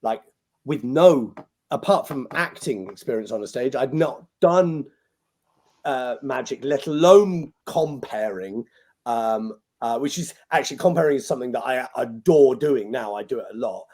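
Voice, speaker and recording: British male magician, chatty anecdotal guest, mid-pitched, lively and a bit sweary. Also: moderate pace. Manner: animated, swears freely, acts out quoted lines. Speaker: podcast guest, magician and compere. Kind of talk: anecdotal storytelling interview.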